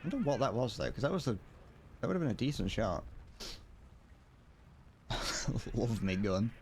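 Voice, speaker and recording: A young man streams a tank game, chatting casually with viewers in a rambling way, often restarting sentences and chuckling. His medium-pitched voice is sing-song and a little mellow, and he talks at a racing pace. He uses a desk mic and wears headphones, with slight background noise.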